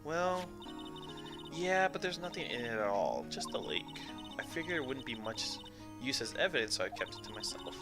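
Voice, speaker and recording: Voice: mid-range voice, lively intonation, moderate pace, lightly acted. A streamer voicing a chatty young woman photographer with an American Southern accent and a folksy drawl, over game music.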